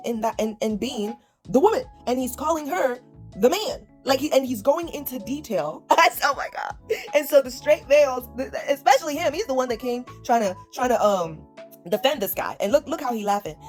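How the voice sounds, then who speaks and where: A woman's voice: on the high side, darkish tone. A woman giving reaction commentary in a mocking, scornful way, repeating her points.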